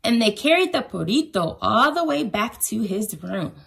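A woman reading a children's picture book aloud at home, lively and playful, with a sing-song delivery. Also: fairly high pitch, moderate pace, creaky, slightly rough.

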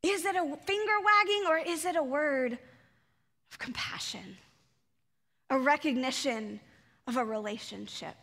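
A woman's voice: high-pitched, measured pace, pauses often, pushed and bright. A woman pastor preaching a sermon in a reflective way, asking her congregation rhetorical questions. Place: church sanctuary. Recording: long church reverb.

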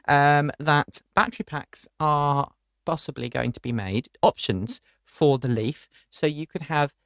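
A woman's voice: deep voice, unhurried, no room sound, studio quality. A woman hosting a casual podcast chat, chatty and restarting her phrases often. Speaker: show host.

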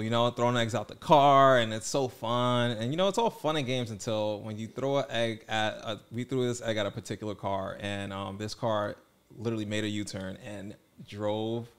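A young man co-hosting a casual podcast, an animated, playful storyteller who gets defensive when teased. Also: on the low side, smooth. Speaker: podcast co-host. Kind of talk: casual chat.

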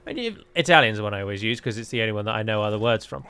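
Very fast and expressive, this English commentator's fairly low voice comes across bright, forceful, and clean. He plays a strategy game while delivering wry, chatty commentary full of rambling tangents.

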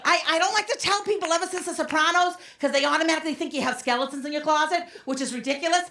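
A woman's voice: sits high, rapid-fire, a bit bright, a little hiss or hum. A woman comedian doing a brash, self-mocking stand-up routine in a small studio, teasing the audience. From United States.

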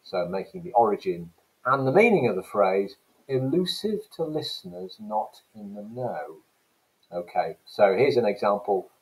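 A lowish-voiced man teaching English language in a recorded lesson. He explains each term with steady emphasis and sometimes mimics regional accents as examples. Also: measured pace, low-quality recording.

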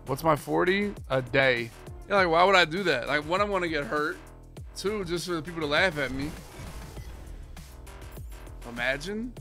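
A high-pitched, animated man raging and swearing as he streams a football video game, his voice jumping between loud yells and low grumbling. His voice is bright and sharp, and faint music plays behind him. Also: normal speed, pauses often. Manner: profane, swings from yelling rants to low muttering. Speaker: gaming streamer. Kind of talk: live gameplay commentary.

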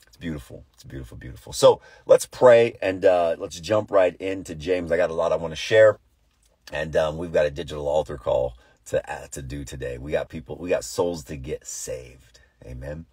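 Deep-voiced pastor on a morning stream. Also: male voice, normal speed, slightly rough, no echo, studio quality. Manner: upbeat, conversational, then prayerful and hushed. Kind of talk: live-streamed morning devotional. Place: inside a parked car.

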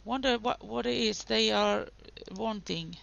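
A woman's voice: a little high, unhurried, vocal fry, a bit bright, lo-fi sound. A woman hosting a gaming video, giving casual commentary and chatting to the game characters.

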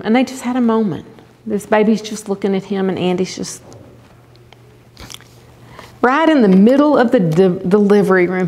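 An older woman preaches in a chapel, talking to the room in an earnest, conversational way. Her voice has a gravelly edge, and a long reverb hangs after her words in the hall. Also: medium pitch, a little mellow. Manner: earnest, conversational, repeats "okay?" to the audience. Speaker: chapel speaker. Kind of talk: sermon.

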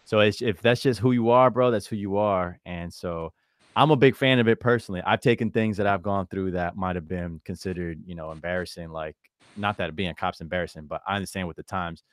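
A man's voice: low voice, a little fast, no echo, studio quality. A man coaching on brand and content in a laid-back, encouraging way, calling the other person "bro" and "man". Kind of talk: casual coaching conversation.

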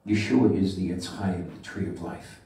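In a synagogue sanctuary, a rabbi preaches a sermon with emphasis, slowing down and swelling whenever he reaches scripture. His voice is low and mellow, captured from far off the mic in an echoey room.

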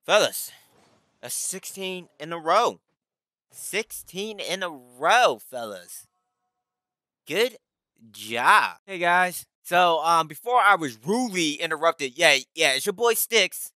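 An animated man with a voice on the high side speaks slowly in an echo-free recording. Commentating his car soccer match as a gaming YouTuber, he plays a mock team owner, yelling, hyping and scolding his teammates in playful Rocket League commentary.

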